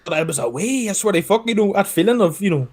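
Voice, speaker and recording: A man's voice: high-pitched, fast talker. A young man, telling a long story on a casual podcast, swearing and acting out the people in it. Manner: animated, swearing, mimics people in his story. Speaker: podcast co-host.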